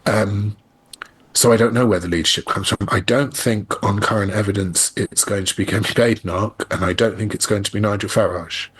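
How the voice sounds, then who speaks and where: Husky-voiced man, animated guest. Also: lowish voice. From Ireland. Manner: animated, slips into quick mocking impressions. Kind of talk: conversational political discussion.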